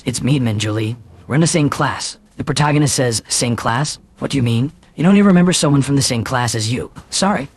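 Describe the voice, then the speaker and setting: A man narrating a comic story recap in a rushed, even delivery, reading all the dialogue himself. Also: mid-range voice, slightly rough.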